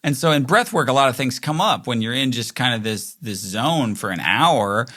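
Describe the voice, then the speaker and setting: A man's voice: medium pitch, animated, moderate pace, pushed and bright. A man in his forties, hosting his own show, talking in a rambling, reflective monologue full of "like" fillers. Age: 40s. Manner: rambling, frequent "like" fillers, mimics quoted voices. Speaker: podcast host.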